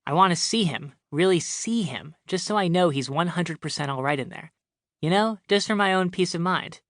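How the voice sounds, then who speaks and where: A jittery, defensive young husband, read by a man narrating an audiobook. His voice is bright and crisp. It is recorded dry and close. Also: high voice, lively intonation, normal speed, no room sound, voice pushed up. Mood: pleading. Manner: nervous, defensive.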